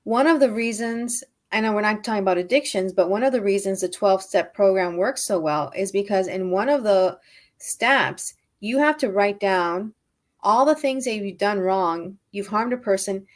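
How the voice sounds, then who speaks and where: A woman, a guest on a talk show, explaining her thoughts calmly in a casual conversation. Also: mid-range voice, moderate pace. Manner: reflective, explanatory.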